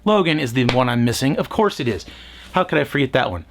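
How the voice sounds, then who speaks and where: A man's voice: mid-range voice, animated, quick pace, a bit bright, a little hiss or hum. A man reviewing a film in casual talk, rambling and sarcastic, with exasperated asides and a little swearing. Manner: profane, mocking quoted voices. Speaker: movie reviewer.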